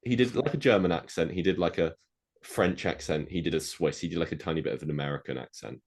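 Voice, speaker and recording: A man co-hosting a podcast in a relaxed, chatty way, often dropping "like" between thoughts. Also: low voice, fast talker. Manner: chatty, with many "like" fillers. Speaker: podcast co-host. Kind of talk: casual chat.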